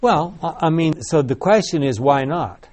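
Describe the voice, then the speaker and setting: A man's voice: on the high side, expressive, moderate pace, a little mellow. Guy running a bible study, asks questions, tells stories, lots of restarts. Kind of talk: group discussion leading.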